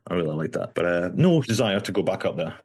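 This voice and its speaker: A Scottish man with a very low, slightly husky voice chats quickly on a podcast. He is dry and self-mocking and laughs often. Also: big pitch swings, darkish tone. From Scotland. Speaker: podcast host. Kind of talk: casual chat.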